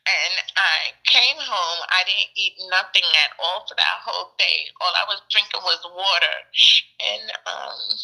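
A middle-aged woman, a distressed mother retelling her son's last call in halting, repetitive words, heard over a phone line. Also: lowish voice, animated, gravelly, pushed and bright. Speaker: mother of missing son, interviewee. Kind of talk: emotional personal account.

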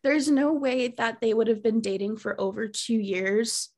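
Female co-host, high voice, laughs easily, flustered casual video-call chat. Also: moderate pace, a little mellow. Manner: giggly, flustered. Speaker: podcast co-host.

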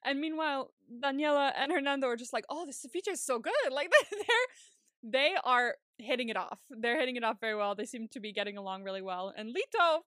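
Young woman, podcast co-host, casual recap, laughs often, fairly high voice, dry sound. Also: lively intonation, a little fast, fairly bright tone, clean tone, no room sound. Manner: chatty, laughs often, retells scenes.

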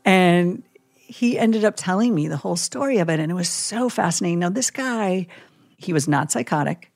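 A woman chaplain telling a vivid story in a casual podcast chat, animated and full of "like" and "you know". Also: on the low side, normal speed, vocal fry.

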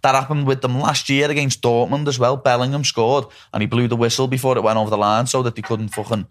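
A man's voice: mid-range voice, little pitch movement, quick pace. A young man with a Scouse accent hosting a casual chat, slangy and saying "lad" constantly. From Liverpool, England. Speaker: podcast host.

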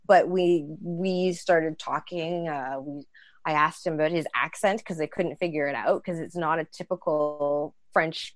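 A woman in her thirties telling a casual, animated story, acting out the lines of others. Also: deep voice, no room sound. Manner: animated, acts out dialogue. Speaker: storyteller guest.

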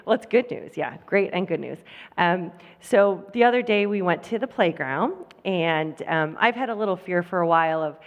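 A woman guest on a live podcast stage, sharing news about her son, emotional and halting with many ums. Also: on the low side, dull audio. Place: conference stage with audience. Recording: long hall reverb.

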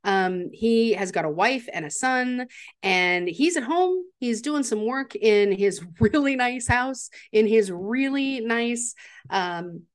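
A woman's voice: on the high side, slow. A woman co-hosting a podcast, eagerly retelling film scenes and acting out the characters' lines. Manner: enthusiastic, animated storytelling with acted-out quotes. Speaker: podcast co-host. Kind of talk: casual movie recap chat.

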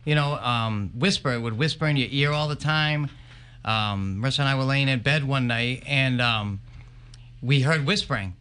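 Bright-voiced man telling ghost stories. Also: mid-range voice, moderate pace, clear, resonant tone. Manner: animated, emphatic storyteller. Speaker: paranormal investigator guest. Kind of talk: live podcast interview, storytelling.

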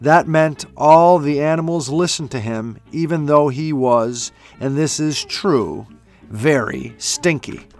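A man reads a children's storybook aloud in a gentle, playful manner. His voice sits slightly high for a man, with faint music beneath. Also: takes it slowly. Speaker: narrator.

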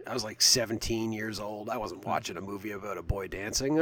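A man in his thirties co-hosting a podcast in casual chat, animated and teasing, swearing now and then. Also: fairly low pitch, a little fast. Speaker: podcast co-host.

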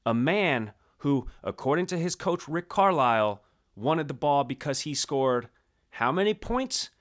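A man co-hosting a casual sports talk show, telling stories in a playful, animated way. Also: on the high side, a little slow. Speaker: co-host.

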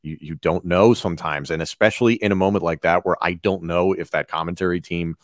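A man with a very low, deep voice speaks as a guest on a casual podcast. He tells stories in a reflective, measured way. The sound is dry and close, with no room echo. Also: fairly even intonation. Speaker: wrestling broadcaster guest.

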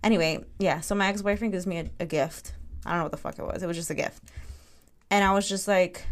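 A young woman talks through her dreams in a loose, candid podcast chat. She swears freely and laughs often, and her voice sits a little low for a woman. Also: steady tone, quick pace. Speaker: podcast host. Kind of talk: casual solo podcast chat.

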